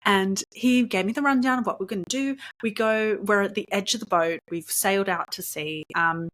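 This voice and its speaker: Young adult woman, podcast host, mid-pitched voice, chatty and animated, casual storytelling with frequent laughs. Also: normal speed. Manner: chatty and animated, laughs often, lots of ums.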